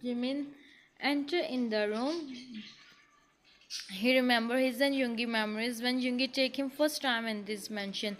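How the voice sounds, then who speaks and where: A woman reading a fan fiction story aloud in a halting way, with many fillers and restarts. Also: a little high, fairly even intonation, slight background noise. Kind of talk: reading a story aloud, voicing all characters.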